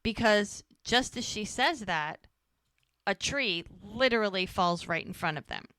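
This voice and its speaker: A woman co-hosting a podcast, recapping a TV episode in a lively, casual way and acting out the characters' lines. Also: medium pitch, measured pace, clean tone, no room sound. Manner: animated retelling, acting out quoted lines. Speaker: podcast co-host.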